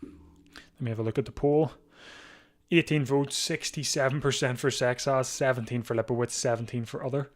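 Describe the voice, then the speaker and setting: Hosting a live watch-along of a bike race, a man speaks at medium pitch with fairly even intonation. The chatty host is sleepy and yawning, restarts often while thinking aloud, and is quick to laugh.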